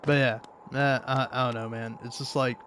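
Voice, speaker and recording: A man's voice: medium pitch, little pitch movement, normal speed, a bit bright, slight background noise. A man hosting a commentary video, ranting with lots of swearing and stammered restarts as he reacts to online comics. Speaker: commentary host.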